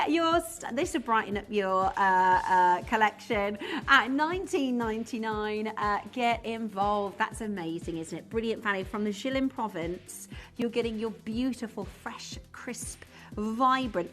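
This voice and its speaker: A woman presenting live on a shopping channel, chatty and enthusiastic as she banters with colleagues off camera. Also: medium pitch. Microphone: studio mic.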